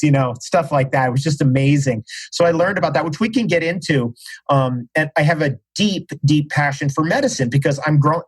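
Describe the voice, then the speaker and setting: A man's voice: fairly high pitch, husky, low-quality recording. A man speaking as a podcast guest in casual interview talk, emphatic and repeating phrases for stress.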